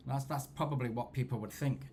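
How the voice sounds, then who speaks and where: A man, host of a football watchalong, telling rambling, self-deprecating stories in a low-key casual chat. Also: fairly quick, warm tone, slight background noise. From England.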